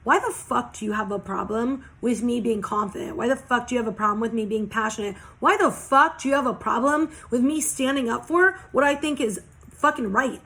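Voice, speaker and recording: A woman's voice: a little high, fairly quick, bright, forceful tone. A young woman giving a casual oracle card reading, talking passionately and bluntly with lots of swearing. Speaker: tarot reader.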